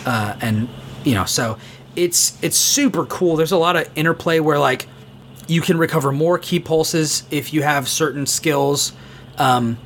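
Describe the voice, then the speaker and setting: Guy gushing about a game on a podcast, kinda high voice, lots of "like" and "um". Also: fairly bright tone, slight background noise. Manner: enthusiastic, rambling, heavy on fillers. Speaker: podcast co-host. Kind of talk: casual gaming podcast chat.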